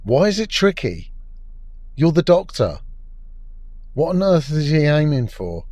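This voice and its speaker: A man's voice: fairly high pitch, big pitch swings, a little slow, mellow, no room sound, soft background music. A man giving a scornful, crude, exasperated review of a TV episode. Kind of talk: ranting review commentary.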